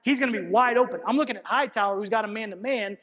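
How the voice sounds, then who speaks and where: Male clinic speaker, high-pitched, animated storyteller, recorded with long hall reverb. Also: fast talker. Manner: animated storytelling, frequent "all right" checks. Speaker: football coach presenting at a clinic. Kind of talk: coaching clinic talk, film breakdown. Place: lecture hall at a coaching clinic.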